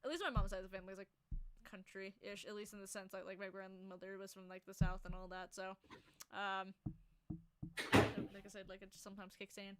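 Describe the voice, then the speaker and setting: A woman's voice: medium pitch, flat delivery, fairly quick, heavy background noise. A woman hosting a podcast in casual chat, rambling with lots of fillers and giggling often. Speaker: podcast host.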